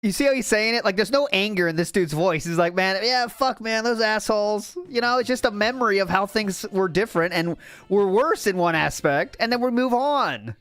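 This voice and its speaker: A man's voice: sits high, lively intonation, a little fast, fairly bright tone. A man hosting a stream watch party, reacting with sarcastic, mocking commentary and frequent laughter. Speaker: stream host.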